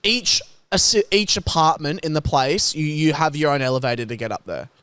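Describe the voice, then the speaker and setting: Animated Australian bloke telling stories. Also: male voice, on the high side, fairly quick, clean tone, no room sound. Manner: animated storyteller, does voices. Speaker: podcast co-host. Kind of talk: casual chat.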